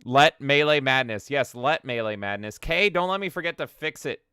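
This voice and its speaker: A man's voice: medium pitch, moderate pace, bright, forceful tone, smooth, dry recording, clean studio sound. A man co-hosting a casual gaming podcast, joking crudely and reading chat messages aloud. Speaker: podcast co-host.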